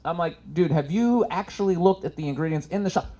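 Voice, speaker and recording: Talking fast with hardly any pauses in a voice on the high side, a Canadian comic performs stand-up at a live event. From an expo stage in front of an audience, he tells animated stories and voices the characters himself.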